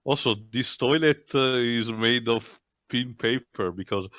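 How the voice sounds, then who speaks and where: A man co-hosting a casual movie commentary, halting with lots of fillers and restarts. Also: mid-range voice, fairly bright tone, dry recording, clean studio sound. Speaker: podcast co-host.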